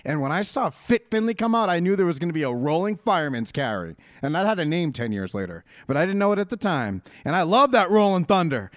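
A man's voice: on the high side, sing-song, quick pace, few pauses, no room sound, clean studio sound. A man ranting brashly and profanely in a casual podcast chat about wrestling. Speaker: podcast co-host.

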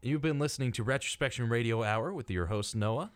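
A young man chats loosely on a college radio show, trailing off and restarting his thoughts. His voice sits at an ordinary pitch and sounds close and dry, with no room around it. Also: a little fast, dry recording. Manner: rambling, laughs often, many fillers. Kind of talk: casual radio chat.

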